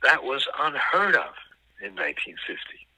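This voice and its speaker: A man talking as a film critic guest in a casual film discussion, thoughtful and analytical, pausing often to find his words. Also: mid-range voice, wildly swooping pitch, pushed and bright, husky, dry recording, poor audio.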